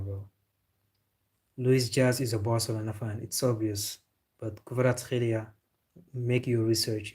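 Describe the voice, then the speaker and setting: A man's voice: mid-range voice, darkish tone. A man hosting a live football reaction stream, chatting casually and answering viewers with strong opinions. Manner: opinionated, replying to chat.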